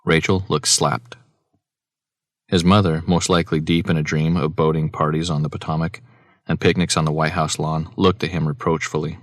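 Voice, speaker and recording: Guy reading an audiobook, really deep voice, dry close sound, steady pace. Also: normal speed, dry recording. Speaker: audiobook narrator. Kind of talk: scripted narration.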